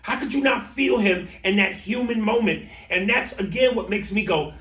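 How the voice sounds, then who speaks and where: A man's voice: sits high, normal speed, pushed and bright, distant mic. A man co-hosting a podcast, arguing politics with passion, swearing and stumbling over restarts. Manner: impassioned, swearing, stammering restarts. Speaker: podcast co-host. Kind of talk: heated political debate chat. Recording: roomy echo.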